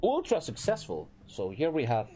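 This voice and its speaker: A man's voice: on the high side, wildly swooping pitch, normal speed, dark tone, faint music behind. A young man streaming a strategy game, chatting loosely to his viewers in a rambling, profane way. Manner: rambling, profane, with filler phrases. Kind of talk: casual livestream chat while gaming.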